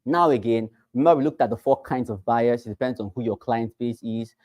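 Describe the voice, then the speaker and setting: A man teaching real estate agents, who talks fast and with emphasis and repeats phrases to drive them home. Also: medium pitch, darkish tone, no room sound. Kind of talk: teaching a class.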